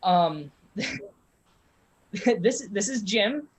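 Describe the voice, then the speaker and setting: A brisk ship captain who rattles off plans with an upbeat push, as a man voices him. His pitch sits a touch higher than the narrator's own. He sounds like a character in a tabletop game. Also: lively intonation, slight background noise, heavily acted. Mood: wry. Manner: quick, upbeat.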